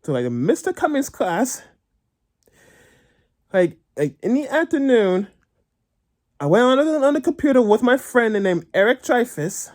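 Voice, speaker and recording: A man telling a story to his viewers in a casual vlog, stammering, repeating words and giggling all the way through. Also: extremely high pitch. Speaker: gaming vlogger.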